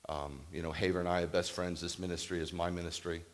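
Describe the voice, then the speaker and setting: An older man preaching a sermon as a rabbi, telling personal stories in an animated way that swings from loud laughing bursts to quiet reflection. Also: sits low, fast.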